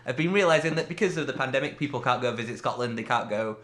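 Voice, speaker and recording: A man's voice: medium pitch, quick pace, a bit bright. A man co-hosting a casual podcast, chatty and giggling as he tells stories. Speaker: podcast co-host. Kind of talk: casual chat. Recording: echoey room with faint noise.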